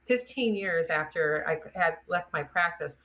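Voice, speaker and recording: An older woman, a chiropractor guest on a podcast, telling animated anecdotes and acting out the voices of the people in them. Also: on the low side, measured pace. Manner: animated, acts out the voices in her stories, laughs often. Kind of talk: anecdotal storytelling.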